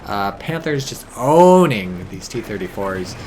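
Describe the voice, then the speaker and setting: A man giving casual, rambling game commentary full of swearing, tired and a bit drunk, with sudden bursts of excitement. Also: lowish voice, measured pace, slight background noise.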